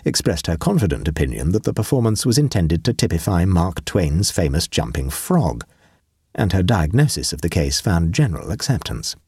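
A man narrating a story in a wry, expressive manner. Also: low voice, moderate pace, breathy edge, no room sound, clean studio sound. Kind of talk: audiobook narration.

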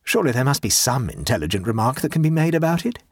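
A man's voice: mid-range voice, big pitch swings, fast, slightly rough, dry recording, clean studio sound. A man reading aloud and voicing a gloomy, dutiful Edwardian husband with an earnest, plodding manner.

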